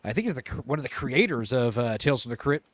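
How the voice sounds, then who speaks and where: A man hosting a casual podcast, chatting about movies in a rambling way, with many pauses and self-corrections. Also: medium pitch, animated, no room sound. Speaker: podcast host.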